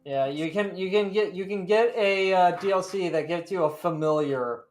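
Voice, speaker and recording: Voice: medium pitch, moderate pace, darkish tone, a little hiss or hum. A co-host in casual gaming chat, jokey and chatty, often trailing off mid-sentence. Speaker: game co-host.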